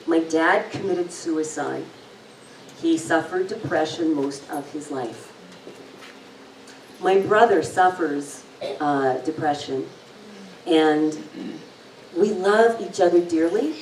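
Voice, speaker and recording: A woman giving a talk, telling a personal story and then leading a guided relaxation in an unhurried, gentle way. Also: low voice, slight background noise. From lived long in New Zealand. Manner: unhurried, gentle, lingers on words. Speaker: speaker leading an intuition talk. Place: talk in a room with an audience. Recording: echoey room, mic at a distance.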